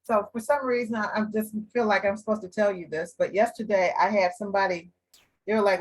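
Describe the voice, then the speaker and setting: Breathy woman hosting a faith talk. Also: medium pitch, fairly even intonation, fairly quick, low-quality recording. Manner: encouraging, affirming. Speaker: host.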